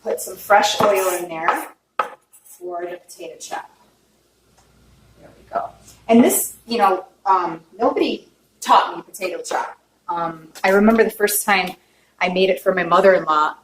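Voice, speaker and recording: A woman walks viewers through a home recipe in a loose, chatty way, often checking in with a quick "okay?". She is openly emotional. Her voice sits a little away from the mic in an echoey kitchen with faint background noise. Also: on the low side, far from the mic. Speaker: home cook. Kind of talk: casual cooking demonstration.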